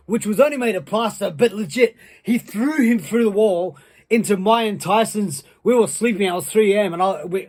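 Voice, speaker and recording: A man spins a casual, rambling story full of swearing, getting more worked up as it goes. His voice sits high and sounds husky. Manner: rambling, profane, building excitement. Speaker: storyteller, former wrestler. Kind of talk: casual anecdote.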